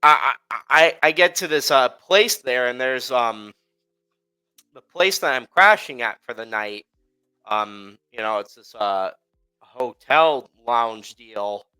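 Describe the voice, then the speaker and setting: A podcast co-host tells a rambling travel story in a casual chat, packed with fillers and laughing as he goes. His mid-range voice is expressive, slow, bright, forceful, clear and resonant. Faint music plays behind him on a rough recording.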